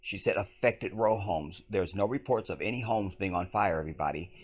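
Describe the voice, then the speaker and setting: A man's voice: deep voice, brisk, slightly rough. A man commenting on news clips in a scornful, emphatic way, repeating phrases back. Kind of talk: conspiracy commentary vlog.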